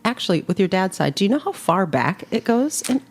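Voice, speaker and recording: A woman hosting a podcast who chats and reacts eagerly, with quick sarcastic asides. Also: mid-range voice, sing-song, husky. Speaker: podcast host. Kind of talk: casual interview chat.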